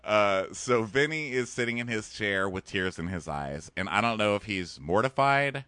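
A man's voice: on the low side, lively intonation, moderate pace, sharp tone, no echo. A man co-hosting a podcast, chatting casually and acting out quotes in exaggerated voices. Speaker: podcast co-host. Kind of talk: casual chat recapping a TV show.

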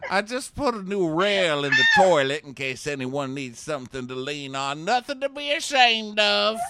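A man's voice: high-pitched, sing-song, moderate pace, noisy background, voice pushed up. A man putting on a folksy, boastful old male construction worker who delivers corny lines. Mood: folksy bragging. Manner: cheery, punchline-driven, jokey.

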